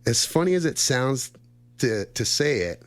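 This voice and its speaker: A man's voice: mid-range voice, very animated, unhurried, no room sound. A man in his thirties co-hosting a radio show, chatting casually in a rambling, friendly way and laughing often. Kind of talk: casual chat.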